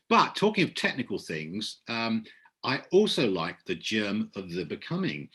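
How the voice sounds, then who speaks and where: A man hosts a poetry reading, gushing with praise for each poet. His voice is husky and slightly breathy, and his pitch swings widely as he enthuses. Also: fairly bright tone. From Kent, England. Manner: effusive, full of praise. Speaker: host.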